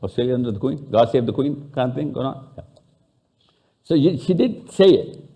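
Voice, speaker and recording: Pakistani man giving a live talk, mellow tone, mid-range voice, bantering with the crowd and mixing in Urdu. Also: medium pitch, expressive, normal speed, vocal fry. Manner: bantering, interactive, switches into Urdu and Hindi. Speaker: speaker.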